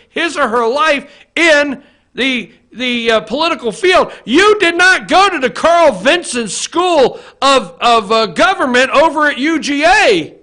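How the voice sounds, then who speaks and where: A man hosting a political opinion show from an office, talking to the camera in a fired-up, profane rant and often shouting. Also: extremely high pitch. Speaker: host. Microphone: facing camera.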